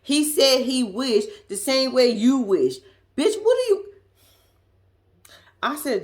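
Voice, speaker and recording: A woman's voice: high-pitched, big pitch swings, normal speed. A woman with a Southern US accent giving a blunt, sassy, laughing casual commentary as a vlogger. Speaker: reality TV recap vlogger.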